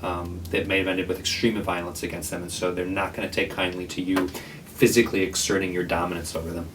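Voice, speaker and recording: A man's voice: low-pitched, flat delivery, quick pace, a bit bright, far from the mic, slight background noise, low-quality recording. A man who works at a homeless shelter, giving a casual, earnest training talk to librarians with many fillers and restarts.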